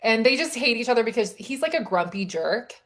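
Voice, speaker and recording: A woman's voice: on the high side, fairly quick. A woman co-hosting a casual chat, an author animatedly recounting a scene from her book, heavy with "like" and acted-out dialogue. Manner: animated storytelling with frequent "like" and quoted dialogue. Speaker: podcast co-host and romance author.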